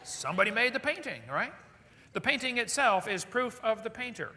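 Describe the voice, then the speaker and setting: A man giving a lecture to a live audience in a large hall, animated and jokey, firing rhetorical questions at the crowd. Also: very high-pitched, fairly quick. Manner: jokey asides. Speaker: seminar speaker. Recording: long hall reverb.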